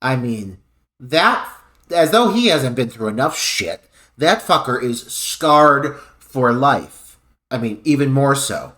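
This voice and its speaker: A man co-hosts a podcast, picking apart a film with sarcastic, profane asides. His pitch rises and falls a lot as he talks. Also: animated, slow, bright, forceful tone. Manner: sarcastic and wry, swears freely. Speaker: podcast co-host. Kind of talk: casual film discussion.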